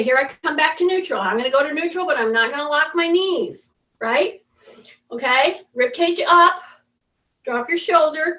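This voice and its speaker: High-voiced lady walking a class through stretches, slow steady cues, roomy sound. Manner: coaching cues, patient and repetitive. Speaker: fitness instructor. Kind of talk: live mobility class instruction. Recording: echoey room, voice from far off.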